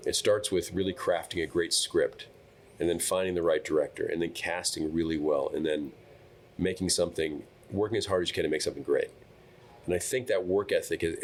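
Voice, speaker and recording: A middle-aged American man, an actor guest, talking in a relaxed and playful way on a podcast. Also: deep voice, slight background noise. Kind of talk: casual podcast chat.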